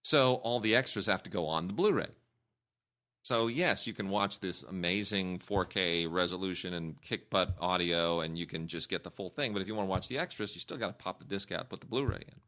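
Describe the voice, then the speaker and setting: A man's voice: low-pitched, a little fast, sharp tone. A man who hosts a film podcast, chatting casually about home video releases and repeating words as he thinks aloud. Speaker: film critic podcast host. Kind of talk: casual chat.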